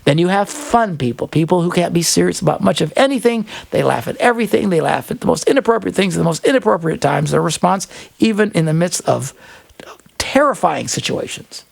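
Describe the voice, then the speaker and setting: A man hosting an advice talk show, telling a comic story in an animated way and laughing often mid-sentence. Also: high-pitched, fairly quick, creaky, breathy edge. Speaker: radio show host. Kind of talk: comedic relationship advice talk.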